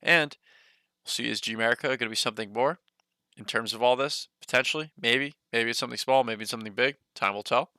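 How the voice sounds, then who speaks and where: A young man talking on a casual stock livestream, rambling on with plenty of fillers. His voice is bright and smooth, and it sits dry and close with no room sound. He is a little short of breath. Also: medium pitch, a little fast, no echo. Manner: rambling, loose talk full of "like" and "you know". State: a bit out of breath.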